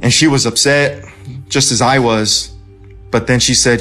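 A man's voice: mid-range voice, slow pace, pauses often, over music. A man from California, an Army veteran, telling his own war story in a conversational way, restarting phrases now and then. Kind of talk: personal storytelling.

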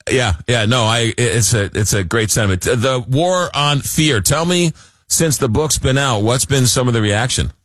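A man's voice: mid-range voice, moderate pace, a bit bright, no room sound. An American man hosting a talk show, speaking in a rambling way full of fillers and restarts. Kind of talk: interview talk.

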